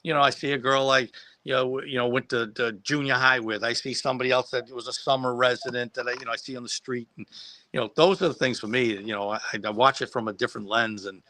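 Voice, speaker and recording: Bright-voiced man telling rambling stories. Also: medium pitch, fairly even intonation, fast talker. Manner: rambling, many restarts, laughs at own story. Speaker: guest who acted as a child extra. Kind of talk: casual anecdote on a live stream.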